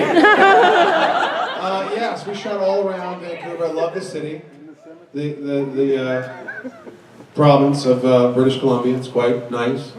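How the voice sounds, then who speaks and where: Slow and pausing at length, a man in his thirties with a voice on the high side tells funny stories while answering fans at a convention Q&A, joking and acting out each person. He's an actor on the panel, heard from far away in a large, echoey hall filled with a loud audience.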